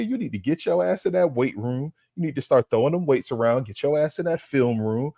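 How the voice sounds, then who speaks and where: Animated and brisk, a medium-pitched man speaks with vocal fry and a dark tone, recorded with no room sound. His sports podcast co-hosting turns into a fired-up, cursing roast rant heavy with street slang and repeated lines.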